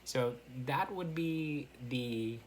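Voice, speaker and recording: A man's voice: medium pitch, drawn-out words, a little hiss or hum. A man giving a casual online English lesson, explaining step by step with frequent fillers and "right?" check-ins. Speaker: English teacher.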